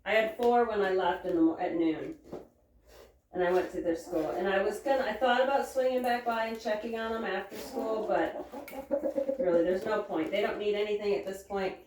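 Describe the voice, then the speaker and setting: A woman's voice: medium pitch, steady tone, normal speed, very echoey, far from the mic, noisy background. Chatty woman cooing in a barn. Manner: chatty, cooing baby talk to animals. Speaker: homesteader vlogger. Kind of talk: casual chat while milking.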